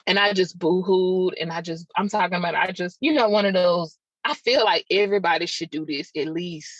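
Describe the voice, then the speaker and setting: A woman's voice: lowish voice, a little fast. A woman hosting a podcast, telling a personal story in an emotional, raw and confiding way, with chatty asides to her listeners. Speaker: podcast host. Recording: dull lo-fi sound, dry.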